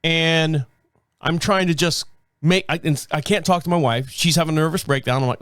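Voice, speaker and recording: A man's voice: a little high, normal speed, fairly bright tone, clean tone, no room sound, studio quality. A middle-aged man hosting a show, telling rambling stories in casual chat, laughing often and acting out quotes. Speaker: show host.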